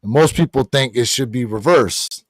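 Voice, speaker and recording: A man co-hosting a casual livestream, opinionated and animated, with his pitch rising when he gets excited. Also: moderate pace, dry recording, studio quality. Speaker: co-host of a sneaker livestream. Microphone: streaming setup.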